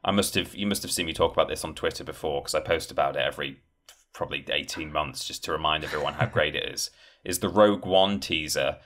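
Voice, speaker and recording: A man co-hosting a casual podcast, retelling things in a rambling, animated way and acting out quotes. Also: rumbling low, fast talker. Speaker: podcast co-host. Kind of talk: casual chat.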